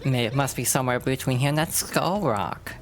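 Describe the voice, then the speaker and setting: A woman's voice: very deep voice, brisk. A woman voicing a clingy, melodramatic young wife in a game, in a whiny, raised voice. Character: clingy dramatic young wife, pampered mobster's daughter.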